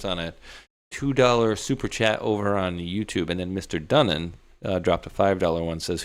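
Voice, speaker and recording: A man's voice: low-pitched, moderate pace, gravelly. A middle-aged man from Rhode Island co-hosting a livestream, rambling in loose casual chat and laughing often. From Rhode Island, United States. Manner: loose, rambling, laughs often, drops slang like dude and bro. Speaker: livestream co-host.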